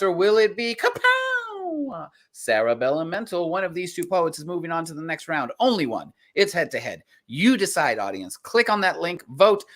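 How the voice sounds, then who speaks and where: Slam host, energetic, hyping viewers, mid-pitched voice, video call. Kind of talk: live-stream hosting.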